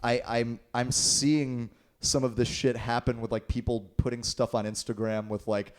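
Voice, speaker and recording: A man's voice: mid-range voice, flat delivery, moderate pace, smooth. A man talking as a guest in a casual interview, laid-back and swearing freely. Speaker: guest musician.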